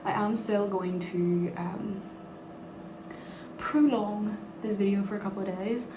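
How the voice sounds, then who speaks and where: A woman's voice: medium pitch, measured pace. A young woman from Northern Ireland with a Northern Irish accent, chatting casually and giggly in a vlog, swearing freely. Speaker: book vlogger. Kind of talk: casual chat to camera. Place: bathroom at night. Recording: echoey room with background noise.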